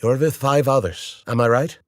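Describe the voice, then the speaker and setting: A man's voice: medium pitch, normal speed, dry recording, studio quality, lightly acted. A man putting on a curt Indian businessman. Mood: blunt. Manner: curt, matter-of-fact. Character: blunt Indian businessman in a suit.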